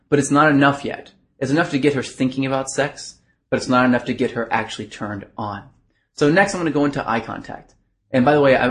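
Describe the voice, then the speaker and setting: Male dating coach, mid-pitched, earnest, explanatory, drops into a quiet resonant chest voice. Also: fast. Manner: shifts between a bright throat voice and a low, soft chest voice; earnest, explanatory, with filler words. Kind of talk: instructional video monologue.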